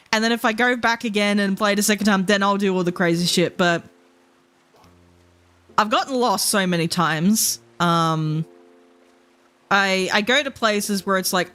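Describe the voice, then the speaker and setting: A woman's voice: medium pitch, moderate pace, fairly bright tone. A woman streamer chatting casually, laughing often, swearing, and mimicking characters as she tells stories. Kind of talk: casual live-stream chat.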